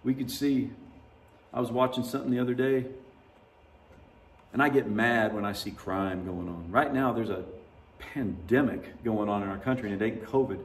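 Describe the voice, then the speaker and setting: A man's voice: medium pitch, a little hiss or hum. A man preaching a sermon as pastor, telling stories in a folksy, conversational way and laughing at himself. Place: church sanctuary. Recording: roomy, distant church mic.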